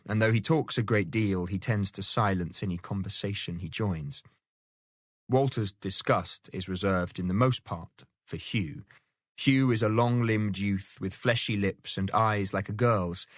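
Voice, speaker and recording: Low-voiced man narrating a novel. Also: no room sound, clean studio sound. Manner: steady storytelling, lifts pitch for quoted characters. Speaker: audiobook narrator. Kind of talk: scripted narration.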